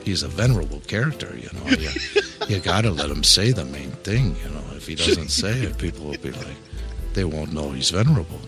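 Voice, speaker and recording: A man doing an impression of a grave, earnest older man, speaking in a halting way. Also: a bass voice, very animated, music in the background. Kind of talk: impression in a played clip.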